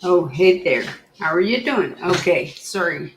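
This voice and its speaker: Friendly woman on a video call, talks slow, echoey room. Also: fairly low pitch, lively intonation, crowd noise. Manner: friendly and apologetic. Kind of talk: casual video call chat.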